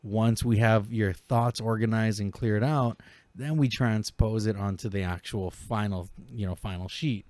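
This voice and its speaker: A middle-aged man, a podcast guest, telling lively family stories in casual talk, laughing often and acting out the people he quotes. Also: fairly low pitch, measured pace, no echo. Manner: animated, laughing often, quoting people in character. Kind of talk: casual storytelling. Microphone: studio podcast mic.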